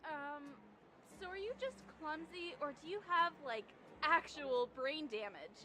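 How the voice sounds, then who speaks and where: Tsundere girl, hot-tempered, insulting, shrill and swooping, cartoon show. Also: expressive, unhurried, pushed and bright, exaggerated voice. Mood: mocking. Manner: insulting, scolding.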